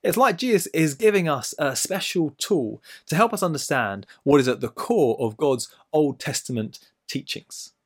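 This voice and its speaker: A middle-aged man delivers a sermon in a storytelling way, slipping into playful asides. His voice sits a little high for a man, and his pitch swings widely from line to line. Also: expressive, normal speed, few pauses, breathy edge. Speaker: preacher.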